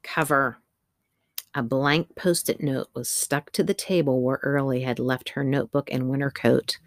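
A female audiobook narrator reads a novel in scripted narration, steady and measured, her voice sitting quite low. The recording is close and fully dry, with no room sound.

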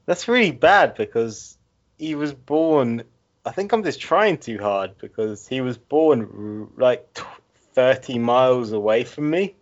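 A man's voice: medium pitch, lively intonation, unhurried, dull audio. A man ranting and joking in casual podcast banter, swearing often and laughing a lot. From England. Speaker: podcast co-host.

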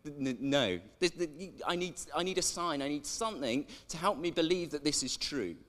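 A man's voice: expressive, fairly quick, a bit bright. A man voicing a flustered, disbelieving old male priest who stammers in protest. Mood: pleading. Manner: squeaky incredulous protest, stammering. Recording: echoey church hall.

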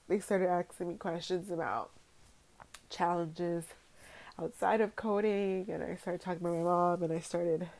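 A woman's voice: fairly low pitch, a little mellow. A woman telling a personal story in a casual vlog, chatty and full of fillers. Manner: chatty, heavy on fillers like "you know" and "like". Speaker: vlogger.

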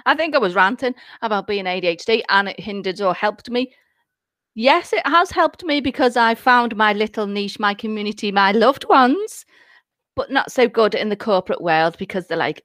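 A middle-aged woman, a celebrant and hypnotherapist, chatting as a guest in a lively, jokey way. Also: medium pitch, normal speed, no room sound, studio quality. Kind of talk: casual chat.

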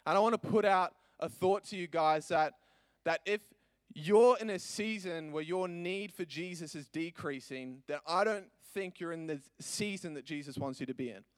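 A young man preaching as a youth pastor, earnest and animated, with many restarts and fillers. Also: on the high side, moderate pace, no echo. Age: young adult. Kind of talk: sermon.

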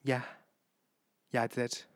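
A man's voice: slow, no room sound, studio quality, close to an everyday voice. A man doing a blunt, brash female reality-TV star.

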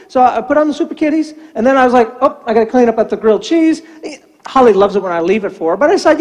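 A man's voice: extremely high pitch, rapid-fire. An older man, a pastor, telling a comic story in a sermon, acting out the voices in it. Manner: animated, acts out voices in a story.

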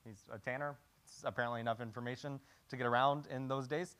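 A man's voice: medium pitch, steady tone, quick pace, a bit bright, clear, resonant tone. A man preaching a sermon in a conversational way, often restarting and repeating words and asking rhetorical questions. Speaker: pastor.

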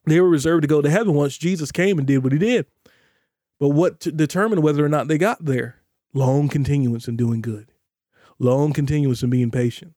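Preacher guy, mellow low-ish tone, dry close mic, leans hard on his points and slows way down on verses. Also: no room sound. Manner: emphatic preaching, voices imagined questioners in a high pitch; slows down to stress scripture. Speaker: pastor. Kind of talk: podcast sermon.

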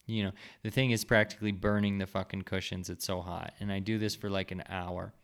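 A man hosts a podcast with a low, gravelly voice full of fry. He tells his story in a candid, profane, self-mocking way, casually and without polish. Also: level tone, fairly quick. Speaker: podcast host.

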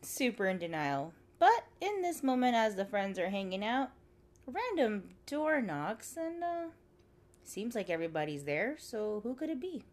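A woman's voice: a little high, big pitch swings, moderate pace. A woman hosting a podcast, chatting casually through an episode recap and acting out the characters' lines. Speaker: podcast host.

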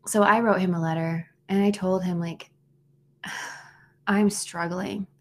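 Woman, thirties, lowish voice, earnest storyteller, casual podcast chat, frequent restarts. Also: steady tone, takes it slowly. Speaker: podcast co-host. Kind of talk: casual heartfelt conversation.

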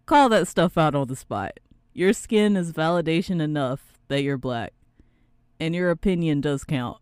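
A young woman from the American South talks through a casual podcast chat in an animated way, her pitch swooping widely from line to line. The sound is dry and close, with no room echo. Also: normal speed, clean tone. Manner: animated, mimics other people's voices. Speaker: podcast host.

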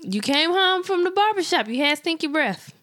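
High, bright-voiced woman teasing bluntly. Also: expressive, normal speed. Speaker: podcast co-host. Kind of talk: casual couple's banter.

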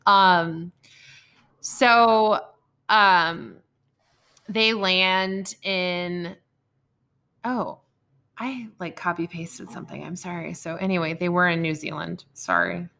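A woman's voice: lowish voice, steady tone, takes it slowly, vocal fry, long pauses, bright, forceful tone. A young woman casually recapping a TV drama episode, rambling with many fillers and self-corrections. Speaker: podcast co-host.

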